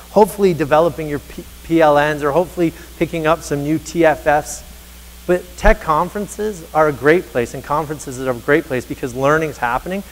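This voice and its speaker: A man with a slightly high voice delivers a motivational conference keynote. He tells anecdotes with energy and acts out both sides of each exchange. His voice rings with the long reverb of a large hall. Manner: energetic storyteller, acts out dialogue. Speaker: keynote speaker on teacher happiness.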